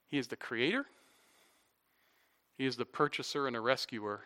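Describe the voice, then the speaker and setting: A middle-aged man preaching a sermon as pastor, animated and conversational, rising loud for emphasis with casual asides. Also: medium pitch, unhurried, long pauses.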